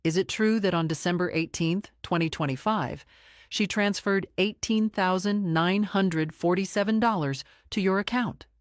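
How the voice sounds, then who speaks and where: A woman voicing a female attorney cross-examining a witness, calm, precise and relentless. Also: mid-range voice, normal speed, no echo, clean studio sound, voice pushed up, natural voice. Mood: cold.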